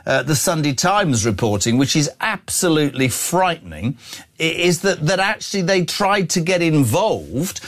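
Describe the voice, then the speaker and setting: An older man from the UK hosting a breakfast talk radio show, opinionated and emphatic. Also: on the high side. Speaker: radio host.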